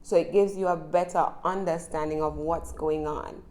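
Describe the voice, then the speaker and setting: A woman with a Jamaican accent gives a casual spoken English lesson, chatty and encouraging, often checking in with tag questions. Her voice is deep and a little mellow, with fairly even intonation at a moderate pace.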